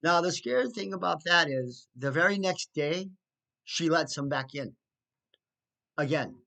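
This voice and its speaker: An American man tells a story to camera about a dispute with his neighbor, speaking casually and without hurry. Indignant, he drops sarcastic asides and often halts to restart a thought. His voice is a touch high for a man, gravelly, pushed and bright, with lively intonation.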